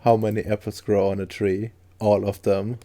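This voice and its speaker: A man voicing a deadpan joke-telling robot. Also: on the low side, moderate pace, close to an everyday voice. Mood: deadpan jokey. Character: cheery male robot assistant telling dad jokes.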